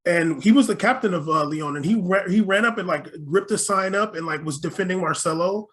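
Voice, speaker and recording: A high-voiced young man tells stories on a casual podcast. He sounds excitable and often repeats a word or two before his sentence gets going. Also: fairly quick. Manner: storytelling, excitable, repeats words when starting a sentence. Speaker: podcast co-host. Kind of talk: casual chat.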